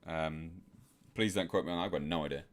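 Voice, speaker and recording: This deep-voiced English man hosts a live stream, working through chat questions with soft-spoken, measured answers and lots of fillers.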